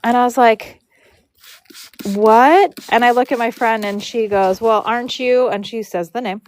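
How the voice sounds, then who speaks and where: A woman's voice: fairly high pitch, steady tone, brisk, a little mellow, dry recording. A woman telling a long, rambling story on a live stream, with many fillers and restarts.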